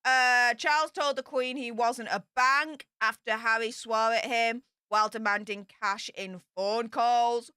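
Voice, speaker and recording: A woman's voice: a little high, fairly even intonation, measured pace, few pauses, bright, forceful tone, clear, resonant tone, no echo, clean studio sound. A woman casually commenting on royal news, reading out points and adding chatty, emphatic asides.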